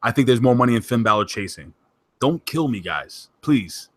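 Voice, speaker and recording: A man hosting a wrestling podcast in casual chat, excitable and emphatic, joking as he talks. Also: mid-range voice, normal speed, no room sound, clean studio sound. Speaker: podcast host.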